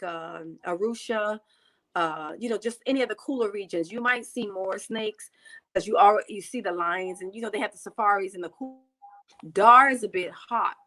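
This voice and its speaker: A woman's voice: medium pitch, pushed and bright, poor audio. A woman from the United States speaking as an interview guest, chatty, with frequent fillers and restarts. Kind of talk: casual interview talk.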